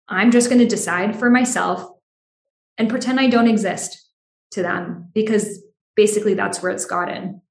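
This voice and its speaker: A young adult woman from the United States, a podcast guest telling her personal story frankly, with a lot of "like" fillers. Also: mid-range voice. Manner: frank, animated, frequent "like" fillers. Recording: roomy echo.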